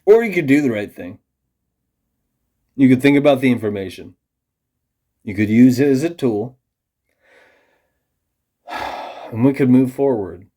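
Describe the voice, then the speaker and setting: A man delivering an angry, profane rant straight to his viewers, condescending as he lurches from low muttering to loud outbursts. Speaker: vlogger. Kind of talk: ranting monologue to camera.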